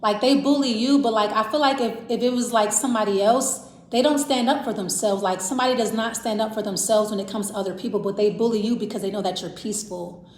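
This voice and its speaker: A woman giving a casual tarot reading to camera, rambling and repeating herself as she talks straight to the viewer. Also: medium pitch. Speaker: tarot reader. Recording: roomy echo.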